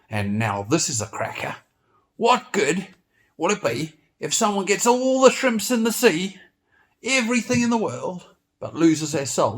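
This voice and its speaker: A man with a somewhat high voice tells a Bible story to children. He is playful and animated and exclaims often as he goes. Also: measured pace. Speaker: children's church teacher.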